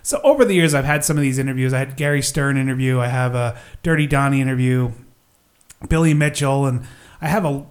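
A man's voice: mid-range voice, darkish tone. A middle-aged man hosting a solo podcast, talking casually in a rambling, self-deprecating way with lots of fillers. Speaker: podcast host.

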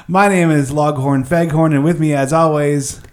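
A man hosting a casual podcast, rambling and self-mocking, laughing often. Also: fairly high pitch. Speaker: podcast host. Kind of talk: casual chat.

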